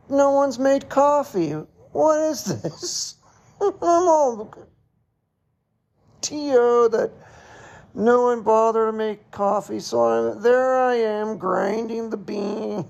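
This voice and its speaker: A middle-aged man hosting a podcast, telling a personal story in a slow, reflective way with short laughs. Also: high-pitched, a little mellow. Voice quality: gravelly, husky. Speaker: podcast host.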